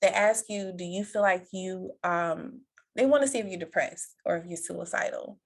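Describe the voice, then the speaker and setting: A woman guest on a podcast telling a personal story in conversation, lively, acting out the voices of others and laughing often. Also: normal speed, gravelly. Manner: animated, acts out quoted voices with big pitch jumps.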